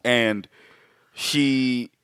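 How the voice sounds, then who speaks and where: Profane, animated podcast guy. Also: medium pitch, drawn-out words, clean tone, no room sound, studio quality. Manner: profane, animated retelling with quoted voices. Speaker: podcast co-host. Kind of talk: casual movie chat.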